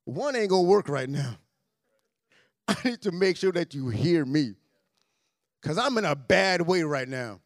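A man preaching a sermon as a pastor, repeating his phrases and swinging between soft and loud delivery. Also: on the high side, animated, unhurried, pauses often, dry recording, clean studio sound. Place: church sanctuary.

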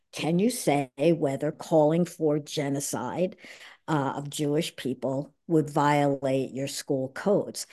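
An older woman hosting a casual podcast conversation, chatty and quick to correct herself with a laugh. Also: sits low, a little mellow. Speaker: podcast host.

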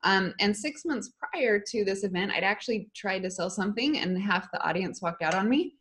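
A woman's voice: mid-range voice, lively intonation, moderate pace, fairly bright tone. A middle-aged woman speaking as an interview guest, telling a personal story in an emotional, candid way. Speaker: guest, online course creator.

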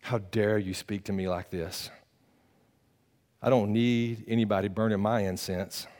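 A man's voice: fairly low pitch, steady tone, a little slow, darkish tone, big-room sound, pitched below the performer's own voice, natural voice. A man voicing a proud, furious ancient king who rants indignantly at the priests confronting him. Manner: indignant, defiant, ranting.

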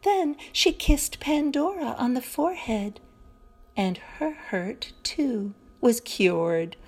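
Slow, gentle woman reading a children's story. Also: a little high, expressive.

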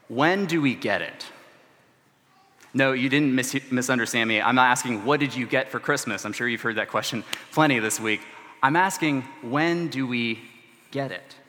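Bright-voiced man preaching in a reverberant church. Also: medium pitch. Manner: earnest, measured preaching with casual asides. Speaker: student ministry director preaching. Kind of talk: sermon. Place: large church sanctuary. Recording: long church-hall reverb.

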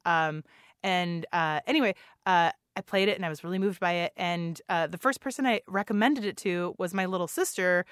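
A woman's voice: fairly low pitch, normal speed, clear, resonant tone, no echo, clean studio sound. A young woman co-hosting a podcast, chatting casually and rambling with lots of filler words and frequent laughs. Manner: excitable, laughs often. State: recovering from losing her voice. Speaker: podcast co-host. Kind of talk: casual chat.

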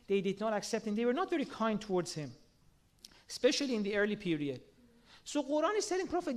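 Very high-voiced man, preaching. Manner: earnest, rhetorical questions, everyday examples. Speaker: religious speaker. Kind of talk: sermon.

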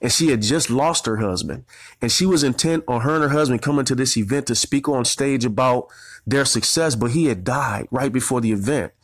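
A man's voice: mid-range voice, fairly quick, no room sound, clean studio sound. Emotional man giving a motivational talk. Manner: emotional, fighting back tears, repeats phrases. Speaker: marketing coach.

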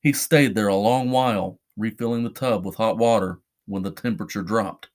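Measured male horror story narrator. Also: lowish voice. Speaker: podcast host and reader.

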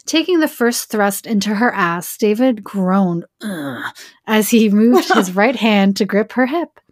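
A woman's voice: mid-range voice, lively intonation, a little slow, no room sound, clean studio sound. A woman podcast host reading an erotic story aloud and breaking off into joking asides.

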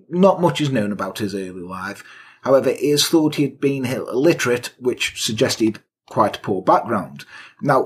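A man co-hosting a comedy podcast, telling a historical crime story with crude, sarcastic asides. His voice is husky and moves a lot in pitch. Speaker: podcast co-host.

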